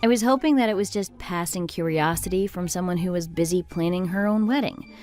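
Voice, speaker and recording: A woman voicing a level-headed young wife who narrates and argues calmly with her sister-in-law. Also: lowish voice, fairly quick, faint music behind, lightly acted. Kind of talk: texting-story voice acting.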